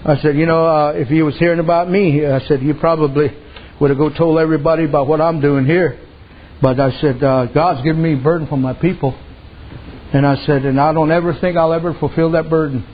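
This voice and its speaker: A man's voice: a little high, steady tone, a little fast, lo-fi sound. A man preaching a sermon in a folksy storytelling way, retelling conversations with lots of "I said". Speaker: pastor.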